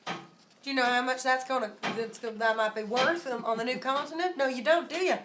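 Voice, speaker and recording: A woman's voice: high voice, fairly quick, a bit bright, slight background noise. A woman doing a scolding frontier mother. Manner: scolding, sarcastic, folksy.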